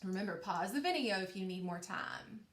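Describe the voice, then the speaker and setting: A woman teacher giving a patient, encouraging phonics lesson to young children, speaking clearly and slowly. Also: mid-range voice, expressive. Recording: echoey room.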